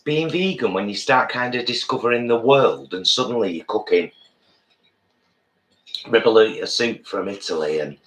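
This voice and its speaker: Man, co-host of a live-stream meal chat, low bright voice, jokey and warm-hearted. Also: normal speed, a little hiss or hum. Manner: playful, jokey, affectionate. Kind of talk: casual live-stream chat while eating.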